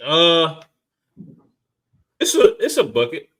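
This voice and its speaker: A man's voice: on the high side, huge pitch swings, takes it slowly, a bit bright. A man co-hosting a sports podcast, talking casual, profane, slangy trash talk. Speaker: podcast co-host.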